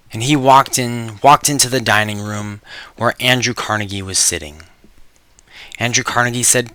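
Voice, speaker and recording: A man's voice: mid-range voice, bright, forceful tone, no echo. A man presenting a sales webinar, telling dramatic stories and pushing hard to buy now. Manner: emphatic, pushy, dramatic storyteller. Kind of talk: sales pitch storytelling.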